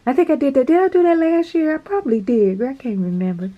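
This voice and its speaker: Excitable chatty woman with a higher voice. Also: fast talker, dull audio. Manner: chatty, excitable, calls viewers girl and y'all, laughs often. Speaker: nail art vlogger. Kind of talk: casual unboxing chat to camera.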